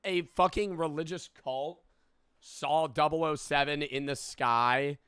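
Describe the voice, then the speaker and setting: A man's voice: fairly high pitch, steady tone, a little slow, fairly bright tone, clean tone, dry recording, clean studio sound. A man co-hosting a podcast in casual chat, blunt and incredulous, swearing often. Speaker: podcast co-host.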